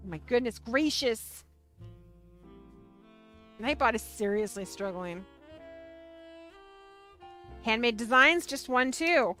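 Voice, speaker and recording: A high-pitched woman with a bright, ringing tone hosts a relaxed livestream. She is bubbly and playful, teasing and cheering her viewers, and faint music plays behind her. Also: slow, long pauses. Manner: bubbly, playful, talks to chat. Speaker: livestream host. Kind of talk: casual livestream chat.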